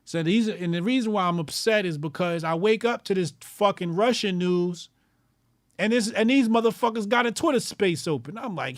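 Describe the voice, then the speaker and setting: A man hosting a call-in show, ranting in loud, profane, mocking bursts and repeating lines for emphasis. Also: sits high, expressive, brisk, dry recording, studio quality.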